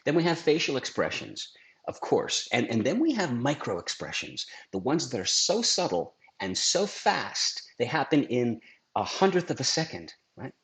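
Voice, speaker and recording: A man's voice: mid-range voice, normal speed. A middle-aged man teaching a scripted video lesson on influence as a trainer, emphatic and asking rhetorical questions. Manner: lively, emphatic presenter who asks rhetorical questions. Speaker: sales trainer.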